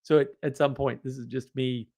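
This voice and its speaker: A man telling an anecdote in a casual monologue, animated, often laughing and full of fillers and restarts. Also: medium pitch, moderate pace, creaky. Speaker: host.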